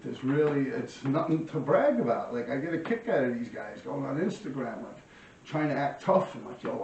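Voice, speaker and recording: A man's voice: medium pitch, vocal fry, a little mellow, a little hiss or hum. A man in his forties with a New York accent, telling rambling, profane street stories in casual vlog talk from a small apartment. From New York City. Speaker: vlog host. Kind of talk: casual storytelling. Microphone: camera across the room. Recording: roomy, distant, dull sound.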